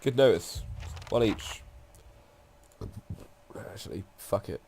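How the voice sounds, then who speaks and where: A man's voice: lowish voice, animated, slow, vocal fry, darkish tone, a little hiss or hum. A man with a cold giving casual, profane gameplay commentary, sounding nasal and muttering to himself. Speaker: let's play gamer.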